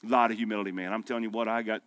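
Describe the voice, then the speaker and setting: Male pastor, bright forceful tone, folksy emphatic sermon delivery. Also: fairly low pitch, steady tone, very fast. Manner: folksy, emphatic preaching, rising to loud peaks. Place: men's breakfast gathering hall.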